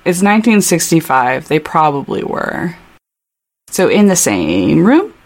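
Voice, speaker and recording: A chatty woman co-hosting a casual book podcast, trading quick asides and giggles. Her voice sits a little low for a woman. She keeps an easy, loose conversational flow. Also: sing-song, darkish tone. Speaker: podcast co-host. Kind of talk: casual book-club chat with read-aloud passages.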